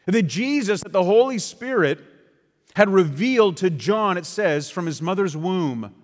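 Emphatic preacher in a reverberant hall. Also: male voice, sits high, lively intonation, unhurried. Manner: emphatic, with conversational asides to the congregation. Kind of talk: sermon. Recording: long reverb of a large hall.

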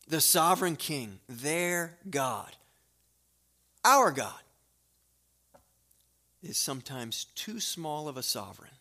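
Bright-voiced middle-aged male pastor preaching. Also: mid-range voice. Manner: swings from hushed asides to loud, emphatic declarations; conversational, direct address to the congregation. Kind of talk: sermon.

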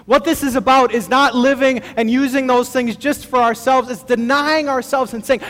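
A middle-aged male pastor delivers a sermon with a very high voice. He talks in an easygoing, conversational way and pokes fun at himself. His voice rings with the long reverb of a large hall. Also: steady tone, moderate pace, hardly any pauses, a bit bright. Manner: conversational storytelling with self-deprecating humor.

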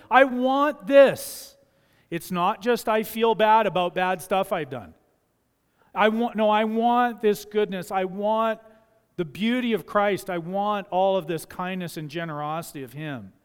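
In a church, a pastor preaches a sermon in a voice that's high for a man, smooth and resonant. He speaks emphatically, drops into quiet asides, then rises loud as he acts out the voices he quotes, and the sanctuary leaves a long, trailing reverb.

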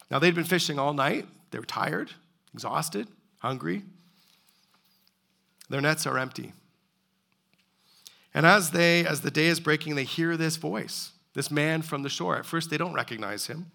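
Male pastor, fairly high voice with a gravelly edge, earnest preaching style. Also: pushed and bright. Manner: earnest, pleading preaching with repeated rhetorical questions. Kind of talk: sermon.

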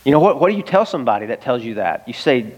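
A man's voice: medium pitch, very animated, quick pace, husky, dull audio. A male pastor preaching a sermon in an earnest, emphatic way, asking the listeners rhetorical questions. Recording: long reverb of a large hall.

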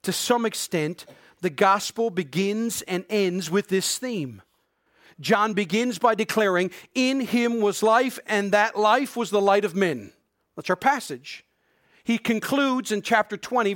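A middle-aged man preaches a sermon in a fairly high voice, recorded dry and close with no room sound. He swings between loud, emphatic declarations and hushed, pleading lows, and slows right down when he quotes scripture. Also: no echo. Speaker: pastor.

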